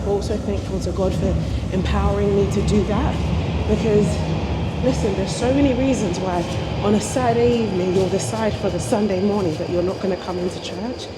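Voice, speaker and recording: A young woman chats to her camera as she walks through the city, bubbly and talkative. Her voice sits mid-range and is picked up by a small clip-on mic. Clear traffic and station noise run behind her. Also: mid-range voice. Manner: chatty and bubbly, laughs often, talks to camera while out walking. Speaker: vlogger. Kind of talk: casual vlog chat. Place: outdoors and in a train station. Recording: noisy street and station background.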